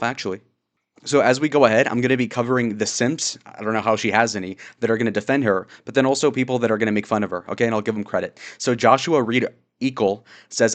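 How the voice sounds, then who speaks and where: A man giving sarcastic, mocking commentary on social media posts, with frequent fillers. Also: medium pitch. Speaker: political commentary YouTuber.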